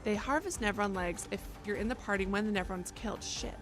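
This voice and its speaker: A woman's voice: medium pitch, brisk. A young woman streaming a game, joking, swearing and reading the game text aloud, with game music under her voice. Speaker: livestreamer. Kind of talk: casual gaming commentary.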